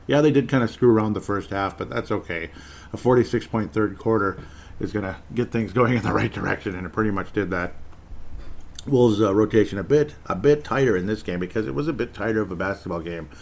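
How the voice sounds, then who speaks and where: A man's voice: on the low side, slight background noise. A man hosting a casual solo sports talk show, rambling and joking, correcting himself with short laughs. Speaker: sports podcast host.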